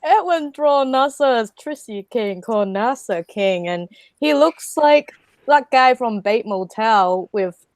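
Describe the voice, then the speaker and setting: Animated giggly woman on a stream. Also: fairly high pitch, takes it slowly, no room sound. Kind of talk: casual live-stream chat.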